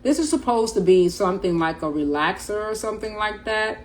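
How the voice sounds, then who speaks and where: A woman's voice: medium pitch, expressive, fairly quick, low-quality recording. A middle-aged woman talking casually to camera about spiritual awareness, in a loose, slangy, rambling way, often repeating her words. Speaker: spiritual vlogger.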